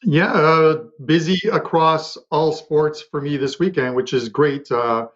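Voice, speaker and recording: Guy on a betting panel, bit high voice, rambles with lots of uhs, kinda dull lo-fi sound. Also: fairly even intonation, a bit bright. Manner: quick, chatty, with many fillers and restarts. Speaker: sports betting handicapper. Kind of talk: casual panel talk.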